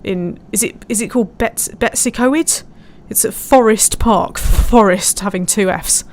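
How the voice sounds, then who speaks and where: Flying a simulator live, a woman keeps up chatty, giggly commentary and reads out what viewers type. Her voice is mid-range and a little mellow, her pace a little slow, with slight background noise behind it.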